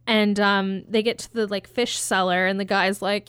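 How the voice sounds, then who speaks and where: A woman's voice: medium pitch, steady tone, normal speed, a bit bright, clean tone, dry recording. A woman casually retelling a film scene, rambling and swearing as she acts out the characters. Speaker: podcast co-host.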